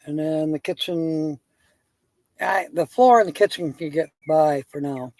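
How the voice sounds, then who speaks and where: A man's voice: fairly high pitch, a little slow, dark tone, no room sound. A man hosting a live stream, rambling through casual chat and telling jokes while chuckling at them.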